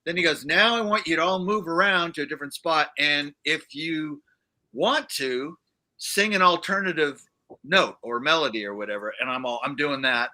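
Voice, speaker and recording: Bright-voiced man telling a rambling story. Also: a little high, expressive, normal speed. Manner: rambling, many fillers and restarts. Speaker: guest musician. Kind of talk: casual storytelling chat. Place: livestream studio.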